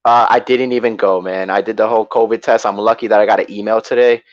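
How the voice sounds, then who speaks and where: A man's voice: lowish voice, fairly even intonation, fast, no room sound, muffled recording. A man co-hosting a wrestling podcast, rambling and hesitant, often repeating his words. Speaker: podcast co-host. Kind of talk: casual chat.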